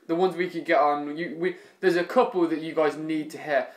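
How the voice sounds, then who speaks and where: A man's voice: fairly high pitch, steady tone, brisk. A man co-hosting a casual podcast, telling stories about old friends in laid-back banter with some swearing. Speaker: podcast co-host. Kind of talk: casual chat. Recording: echoey room.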